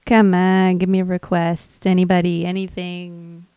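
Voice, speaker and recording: Between songs on her music livestream, a tired-sounding woman rambles and chats softly, laughing as she goes. Her voice is lowish, clear, and resonant, delivered in a monotone at a slightly slow pace, on dull audio without echo.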